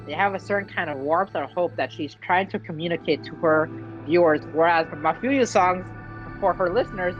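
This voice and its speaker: Vlogger, excitable and slangy, casual game recap, dull lo-fi mic, soft music under. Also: medium pitch. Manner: excitable, slangy, acts out character quotes.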